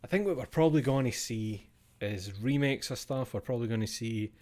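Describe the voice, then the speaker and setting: A man's voice: mid-range voice, a little fast, a little mellow. A man casually chatting on a live stream into a desk microphone, reading out viewer names.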